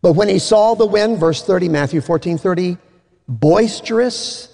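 Gravelly high-voiced preacher in an echoey hall. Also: male voice, normal speed. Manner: folksy, animated, jokey asides. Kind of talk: sermon.

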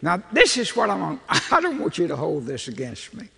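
Older male preacher, joking folksy storyteller, bright husky tone, long church reverb. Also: sits high, huge pitch swings, moderate pace. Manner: folksy, humorous, self-deprecating storyteller. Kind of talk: storytelling sermon.

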